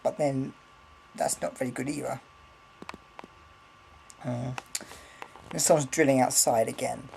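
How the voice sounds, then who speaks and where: A man's voice: mid-range voice, fairly even intonation, unhurried, vocal fry, pauses often, mellow, a little hiss or hum, rough recording. A man rambling casually in a vlog, swearing freely, filming on a handheld camera. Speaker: vlogger.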